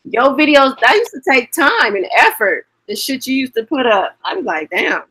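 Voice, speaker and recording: A woman co-hosting a casual chat, telling lively stories and cursing freely. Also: high voice, normal speed, slightly rough, no room sound. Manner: lively storyteller, curses freely. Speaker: co-host.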